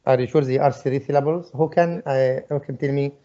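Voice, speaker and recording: A man's voice: medium pitch, fairly even intonation, a little fast, dark tone, dull audio. A male English teacher leading an online class, patiently repeating his questions to students. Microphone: video call.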